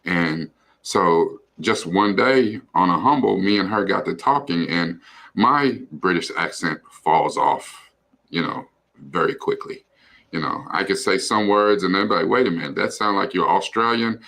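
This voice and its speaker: Low-pitched and a bit bright, his creaky voice stays animated yet unhurried. He's a livestream co-host making casual, rambling small talk, heavy on fillers with the odd curse.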